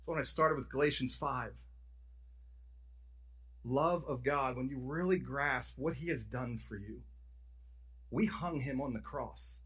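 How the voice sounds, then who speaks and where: A man's voice: medium pitch, unhurried, pauses often, a bit bright, breathy edge. A man preaching a sermon, telling the stories in a conversational, emphatic way with frequent restarts and self-corrections. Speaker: pastor.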